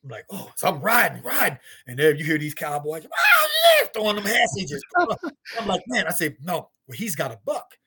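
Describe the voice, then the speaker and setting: Middle-aged man from St. Louis, slightly high and husky voice, quick animated storyteller who acts out every line. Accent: St. Louis, African American Vernacular English. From St. Louis, USA. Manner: acts out dialogue in high voices, laughs often. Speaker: guest storyteller, martial artist.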